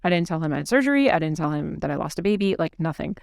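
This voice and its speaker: A woman host retells a personal story with earnest, animated quoted speech. Her voice is notably low. The sound is dry and close to the mic. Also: racing, vocal fry, no room sound. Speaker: podcast host. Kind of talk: casual storytelling conversation.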